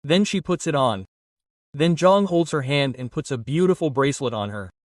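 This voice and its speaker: A man with a fairly high voice reads a drama's plot in a brisk, even way. The sound is dry but a little distant from the mic, with no room around it. Each scene follows the last with little pause. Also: dry recording. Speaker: drama recap narrator. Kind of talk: scripted plot narration.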